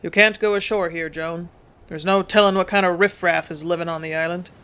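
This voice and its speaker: A reader voicing a gruff middle-aged ship captain who talks in a firm, fatherly, lecturing way. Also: sits high, steady tone, a little fast, bright, forceful tone.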